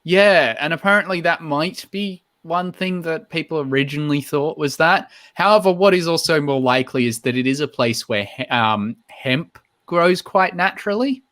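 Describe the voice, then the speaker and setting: A man's voice: on the high side, normal speed, few pauses, fairly bright tone. A man hosting a casual live-stream chat, musing through long rambling explanations. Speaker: host.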